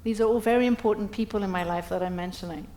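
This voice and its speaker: A middle-aged woman speaks quickly in a medium-pitched voice, delivering a keynote of humorous stories at a breakfast gathering. Lively and self-deprecating, she acts out the quotes, and the hall around her is echoey.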